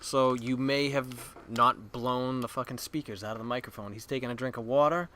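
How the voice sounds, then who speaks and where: A man's voice: mid-range voice, fairly even intonation, normal speed, pushed and bright, slight background noise. A man from the Boston area with a Boston accent, co-hosting a casual podcast chat, crude and self-mocking, laughing often. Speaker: podcast co-host. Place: basement room.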